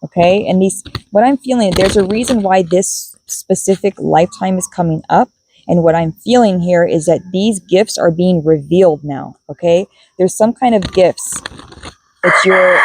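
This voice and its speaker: Husky woman doing a spiritual card reading. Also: lowish voice, moderate pace, a little mellow, poor audio. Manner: musing, thinks aloud, repeats key words. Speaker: tarot and oracle card reader.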